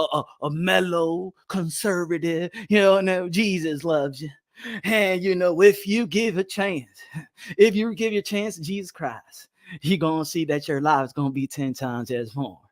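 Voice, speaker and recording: A man voicing a mellow, soft-spoken male TV preacher in a mock sermon, slow and soothing. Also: high voice, dry recording, studio quality, voice pushed down.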